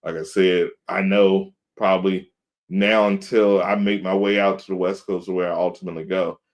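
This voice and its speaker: A man's voice: low-pitched, level tone, moderate pace. A man in his thirties, co-hosting a podcast in casual chat, telling laid-back stories and acting out quotes. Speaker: podcast co-host. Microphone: video call.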